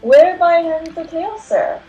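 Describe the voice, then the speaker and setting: A man voicing a fussy male street musician in a squeaky falsetto, drawn out and puzzled, during a play read over a video call. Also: slow, a little mellow, highs cut off, soft background music.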